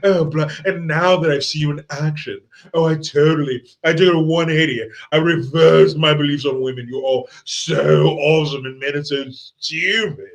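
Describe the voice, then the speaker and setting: A man's voice: on the high side, steady tone, moderate pace, creaky, hardly any pauses. A man voicing a smug, posh English male politician with a put-on posh English accent, as a mocking parody. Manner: mocking, sing-song parody.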